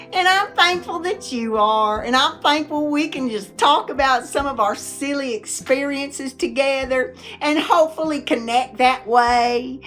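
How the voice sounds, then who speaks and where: A middle-aged woman, telling folksy stories to camera in a chatty, animated way and laughing often. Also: high voice. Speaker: vlogger.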